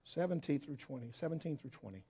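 A man preaching a sermon in a church hall, swinging between yelling and quiet asides. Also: a little high, lively intonation, fast talker, husky. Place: church hall with worship band.

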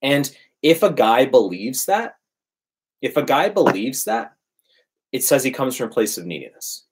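A man's voice: mid-range voice, very animated, a little slow, noisy background. A man in casual conversation, emphatically preaching his dating advice. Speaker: dating coach. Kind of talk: casual podcast chat.

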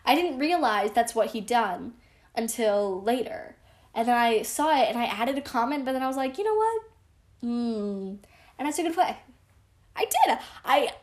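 A teenage girl telling a real-life story in casual vlog style, chatty and frank, peppering her talk with "like". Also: fairly high pitch. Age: teens. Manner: chatty, frank and self-deprecating, heavy use of "like".

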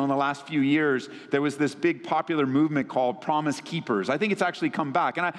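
A fairly high-voiced male pastor preaching a sermon with lively swings in pitch. He sounds like he is in a church sanctuary, with long hall reverb trailing each phrase. His delivery is animated and energetic.

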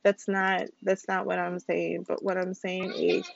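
A woman's voice: lowish voice, monotone, unhurried, vocal fry, few pauses, dry recording. A young woman talking straight to her listeners on a casual home podcast, emphatic and ranting. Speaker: podcast host. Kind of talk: casual opinion podcast monologue. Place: home, with family nearby. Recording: slightly dull lo-fi sound.

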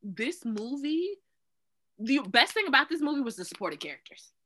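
A woman's voice: high-pitched, sing-song, moderate pace, a bit bright, poor audio. A woman co-hosting a podcast, chatting casually in a playful, slangy way. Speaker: podcast co-host. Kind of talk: casual chat.

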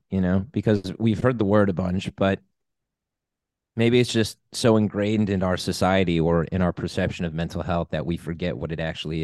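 Upbeat lower-voiced male podcast host. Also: darkish tone, no echo, clean studio sound. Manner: upbeat, explains definitions at length. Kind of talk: casual conversational podcast.

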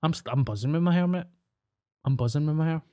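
A man's voice: on the high side, fast talker, mellow. Casting: Scottish man, podcast co-host, jokey and self-deprecating storyteller. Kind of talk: casual chat.

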